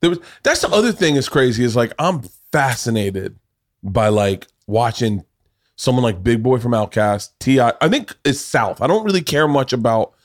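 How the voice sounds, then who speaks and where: A man's voice: medium pitch, expressive, moderate pace. A man from the American South hosting a podcast, rambling and emphatic, swearing freely in casual chat. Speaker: podcast host.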